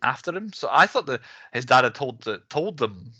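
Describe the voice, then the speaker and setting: A man co-hosts a relaxed podcast about films, chatting loosely and breaking into laughter between points. His voice is bright and forward, and it sounds dry and close, with no room around it. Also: medium pitch, moderate pace, no room sound. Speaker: podcast co-host. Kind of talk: casual film chat.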